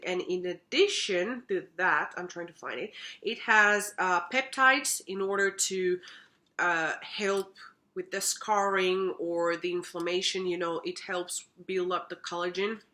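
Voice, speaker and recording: A woman's voice: fairly low pitch, sharp tone. A woman giving a casual, chatty makeup product review at home, often doubling words for emphasis. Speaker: makeup vlogger. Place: home room.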